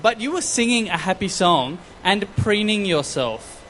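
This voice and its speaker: A man co-hosting live stage banter, teasing his co-panelists in a playful way and quick to laugh. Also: high voice, expressive, fairly bright tone, slight background noise. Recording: live stage mic with faint ambience.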